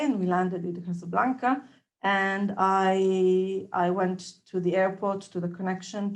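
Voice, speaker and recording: A woman giving a testimonial, telling a personal story in an animated way, moving between soft asides and emphatic lines. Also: medium pitch. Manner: animated, acts out dialogue, loudness swings between soft and emphatic. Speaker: trainee observer giving a testimonial.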